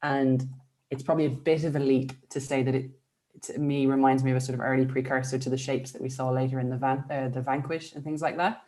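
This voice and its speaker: A woman's voice: a bass voice, steady tone, fast, darkish tone. A woman chatting enthusiastically on a video call as a panel regular, rambling with restarts. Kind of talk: casual video-call chat.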